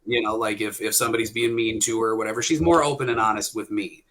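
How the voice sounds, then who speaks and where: A man's voice: fairly low pitch, quick pace. A man in his thirties co-hosting a podcast, telling stories with quoted dialogue and plenty of swearing. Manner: profane, animated anecdote-telling with quoted dialogue. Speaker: podcast co-host. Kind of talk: casual podcast storytelling.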